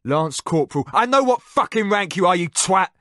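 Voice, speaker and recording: A man voicing a brutal, contemptuous male military interrogator who yells and swears at a prisoner, in an audiobook reading. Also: high voice, expressive, normal speed, dry recording, clean studio sound, voice pushed up. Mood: raging. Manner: yelling, swearing.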